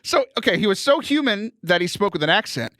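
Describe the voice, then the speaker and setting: A man from Houston, hosting a podcast and chatting casually with animated storytelling and frequent laughter. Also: high voice, fast talker, no room sound, studio quality. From Houston, Texas. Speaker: podcast host. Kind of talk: casual chat.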